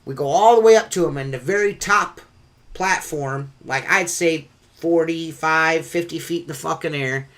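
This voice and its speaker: A man hosting a podcast, telling stories in a profane, animated casual chat. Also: fairly high pitch, moderate pace. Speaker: podcast host.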